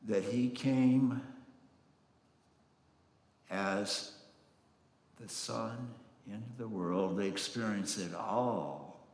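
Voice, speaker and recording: A man preaching a sermon in a slow, earnest, emphatic way, recorded in a church sanctuary. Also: lowish voice. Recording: echoey hall, roomy reverb.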